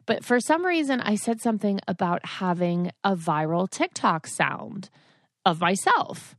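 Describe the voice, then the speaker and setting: A chatty woman in her forties hosts a podcast in a casual, rambling way, full of asides and filler words. Her voice sits at an ordinary middle pitch. The sound is close and dry, with no room around it. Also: big pitch swings, a little slow, dry recording. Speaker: podcast host.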